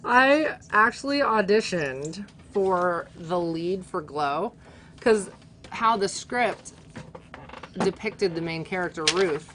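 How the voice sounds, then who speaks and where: A woman's voice: fairly low pitch, lively intonation, takes it slowly, a bit bright, a little hiss or hum. A woman chatting casually as a guest, talking freely and filling her sentences with "like". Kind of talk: casual chat.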